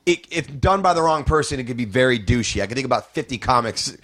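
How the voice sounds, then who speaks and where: A man, a comedian and guest, telling stories in casual podcast chat, animated and full of restarts. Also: mid-range voice, fast talker.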